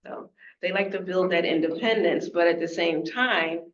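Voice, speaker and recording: A woman, a toddler teacher on a parent panel, speaking in a relaxed, encouraging way. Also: fairly low pitch, normal speed. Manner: relaxed, encouraging, laughs easily. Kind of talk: conversational panel talk to parents. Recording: echoey room, muffled, faint noise.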